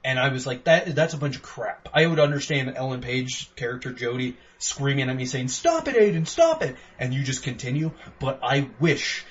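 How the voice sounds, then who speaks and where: Profane excitable male podcast co-host. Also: mid-range voice, brisk, hardly any pauses. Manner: profane, excitable, rants with acted-out quotes. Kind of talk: casual game review chat. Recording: dull lo-fi sound with faint noise.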